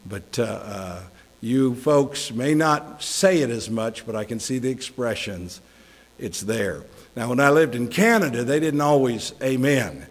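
A middle-aged man giving a conversational sermon as a guest preacher, folksy and joking with chuckling asides. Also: mid-range voice. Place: church sanctuary. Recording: long hall reverb.

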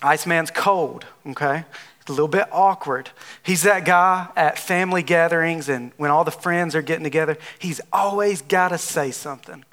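A man's voice: on the high side, moderate pace, fairly bright tone. A man pastor giving a casual, joking sermon, talking with the congregation. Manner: playful, conversational, jokes with the audience.

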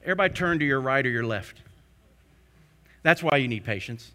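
A man preaching a sermon. He keeps asking the congregation rhetorical questions, building to emphatic peaks before dropping low again. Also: animated, fairly quick, pushed and bright.

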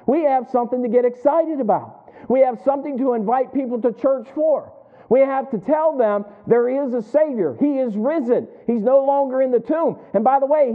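A man preaching a sermon to his congregation, asking them questions and waiting for answers back. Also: extremely high pitch. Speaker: pastor. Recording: tinny phone-like sound.

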